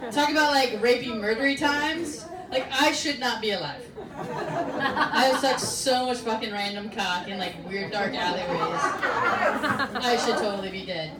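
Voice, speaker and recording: A woman's voice: fairly high pitch, unhurried, very noisy. Brash American woman comic, roomy club. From Alaska, USA. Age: 30s. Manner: brash, profane, confiding with the crowd. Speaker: stand-up comedian. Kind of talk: stand-up comedy set. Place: comedy club stage. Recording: roomy club sound from a distance, audience audible.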